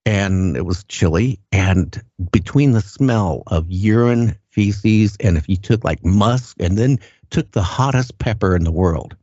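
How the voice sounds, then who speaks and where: An older man with a very low voice tells his story in a plain, earnest way. He stops and restarts, often repeating words as he goes. The sound is dull and lo-fi and very dry, with no room around it. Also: a little slow, few pauses, dark tone, no echo. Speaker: guest recounting an encounter. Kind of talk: casual first-person storytelling.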